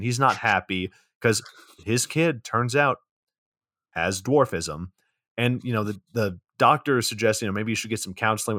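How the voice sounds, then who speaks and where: A man's voice: on the low side, a bit bright, no room sound, studio quality. A man hosting a podcast, casually recapping a film in a loose, profane way full of filler words. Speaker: podcast host.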